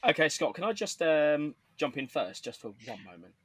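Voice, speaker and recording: A man's voice: a little high, very animated, normal speed, fairly bright tone. A man co-hosting a podcast, earnestly explaining his side in a mock court argument. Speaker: podcast co-host. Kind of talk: casual mock courtroom banter.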